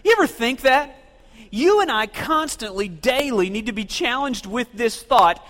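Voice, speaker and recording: Speaking in a very high, bright, forceful voice, a pastor expressively quizzes his congregation and instructs them during a sermon at normal speed. The sanctuary's long reverb fills the recording.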